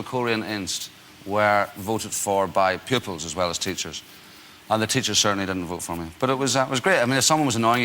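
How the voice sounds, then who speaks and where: A man's voice: on the low side, fairly bright tone, a little hiss or hum. A man in his forties with a Northern Irish accent, a talk show guest telling self-deprecating stories with lots of hesitations. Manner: self-deprecating, hesitant with many "uh"s, laughing often. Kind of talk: chatty anecdotes on a talk show.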